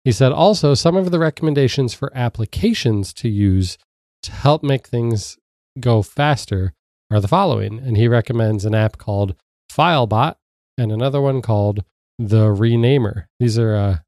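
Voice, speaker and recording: A man hosting and producing a tech podcast, a little nasal from a cold, chatty and quick to laugh. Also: medium pitch, a little mellow, no room sound, clean studio sound. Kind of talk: casual podcast chat.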